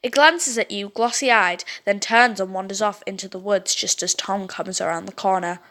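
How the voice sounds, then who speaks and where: A woman gaming YouTuber reading a story game aloud, expressive and reacting with exclamations. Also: medium pitch, moderate pace.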